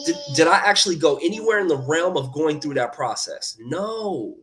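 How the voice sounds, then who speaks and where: Earnest man, lively preachy talk. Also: fairly high pitch, normal speed. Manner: earnest, repetitive, addresses viewers as y'all. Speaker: motivational live streamer. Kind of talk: casual motivational talk.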